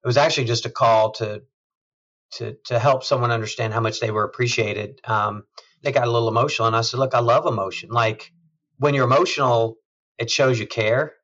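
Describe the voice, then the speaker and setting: Thoughtful exec guy chatting in an interview, steady mid voice, trails off quiet, kinda muffled sound. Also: medium pitch. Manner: measured, thoughtful, trails off softly. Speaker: hospital system CEO, guest. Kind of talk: reflective conversational interview.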